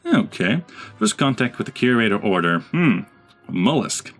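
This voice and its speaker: Lively low-voiced man playing a game. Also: measured pace. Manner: chatty, talks to his units. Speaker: let's play host. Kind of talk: casual gameplay commentary. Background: game music.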